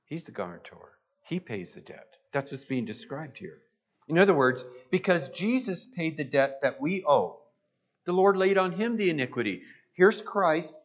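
A man's voice: on the high side, very animated, normal speed. A man preaching a sermon, emphatic, swelling and dropping his voice and repeating phrases for stress. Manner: emphatic, rising and falling for stress.

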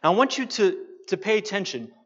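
A man preaching a sermon, slow and emphatic, pausing to stress his points. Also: high voice, very animated. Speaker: pastor. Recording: dull lo-fi sound.

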